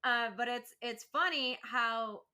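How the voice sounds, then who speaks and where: A woman with a high voice that rings very bright chats casually as a podcast co-host. She is candid and laughs a lot, and she swears freely as she vents about the everyday habits that bug her. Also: slow. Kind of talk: casual chat.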